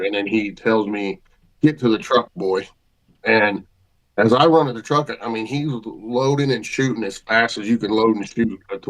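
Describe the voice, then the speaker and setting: Low-voiced man telling a folksy story. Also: a bit bright, poor audio. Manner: folksy, vivid storyteller with colloquial grammar. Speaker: podcast guest. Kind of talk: casual storytelling.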